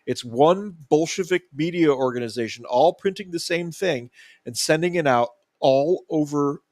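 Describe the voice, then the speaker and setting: A man's voice: on the high side, normal speed, a little mellow, dry recording. Blunt, swearing middle-aged man. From United States. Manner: blunt, swearing, reads articles aloud with sarcasm. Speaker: co-host. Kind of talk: casual political talk show.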